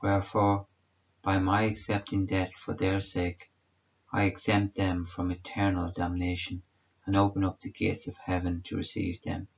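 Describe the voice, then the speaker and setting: A man voicing a suffering man of sorrows who speaks tenderly in a hushed, solemn and measured way. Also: low-pitched, monotone, creaky. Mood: sorrowful. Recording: dull lo-fi recording.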